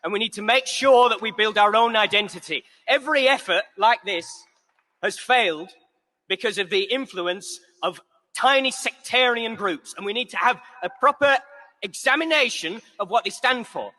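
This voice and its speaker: An angry speech from a British man with a very high, bright voice. He accuses and repeats himself for force. The long reverb of a big conference hall trails after each phrase. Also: normal speed. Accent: British English. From Croydon, England. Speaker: conference speaker. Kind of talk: impassioned floor speech.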